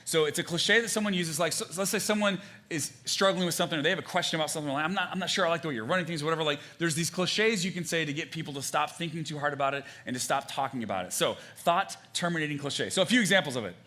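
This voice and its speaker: A young adult man preaching a sermon as pastor, conversational and animated, with frequent fillers and restarts. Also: a little high, fast talker.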